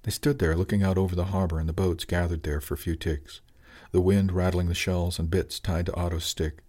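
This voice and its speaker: A man narrating an audiobook chapter in a calm, even storytelling manner. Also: low-pitched, a little fast.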